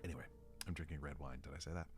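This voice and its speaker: A man's voice: extremely low pitch, steady tone, rapid-fire, soft background music. A man playing through a solo tabletop adventure, chatting to himself in rambling asides. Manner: chatty, rambling self-talk with asides and chuckles. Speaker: solo tabletop game player.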